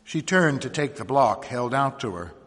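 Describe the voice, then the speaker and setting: A man reading a short story aloud in a measured, expressive narration. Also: medium pitch, big-room sound. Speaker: reader.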